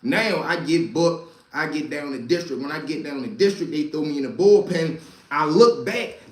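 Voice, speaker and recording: A man telling street stories to a live chat, animated and profane, talking straight to his listeners as y'all. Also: fairly high pitch, moderate pace, roomy sound. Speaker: storyteller and stream host.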